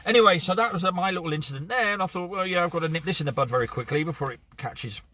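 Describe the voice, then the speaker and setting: A man's voice: high-pitched, racing, bright, forceful tone, slight background noise. A man from Bournemouth, chatting casually and telling stories to camera outdoors. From Bournemouth, England. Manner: chatty, storytelling, with restarts. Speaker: vlogger. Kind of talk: casual chat.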